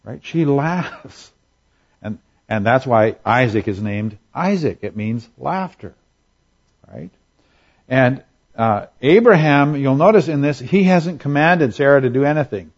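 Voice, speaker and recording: A man's voice: mid-range voice, animated, unhurried, highs cut off. A man preaching a sermon in a conversational way, asking rhetorical questions and acting out quotes for humor. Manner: acts out quotes in voices for humor. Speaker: pastor.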